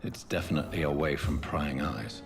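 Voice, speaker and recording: An actor playing a brooding vampire doctor in a video game, speaking in a slow, solemn, weary way. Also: male voice, a bass voice, gravelly, over music. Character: brooding male vampire doctor, grave and gloomy.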